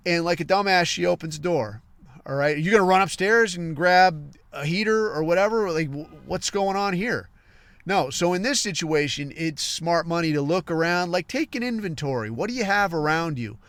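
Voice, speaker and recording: A male podcast host in a casual monologue, blunt and heavy on profanity. His voice sits a little high and comes through smooth and resonant. The sound is dry and close. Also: lively intonation, normal speed, fairly bright tone, no room sound. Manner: blunt, profane, fillers like "like" and "right".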